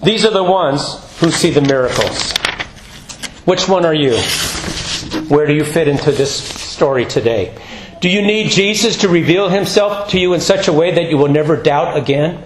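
A pastor delivers a sermon with animated, rising emphasis and quieter, lower stretches. His voice sits a bit high for a man, and the room around him rings with echo. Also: normal speed, background noise.

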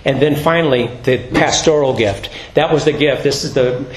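A man preaching a sermon, rising high and loud for emphasis, then dropping low and quiet to close. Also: moderate pace, reverberant, slight background noise, rough recording. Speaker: pastor.

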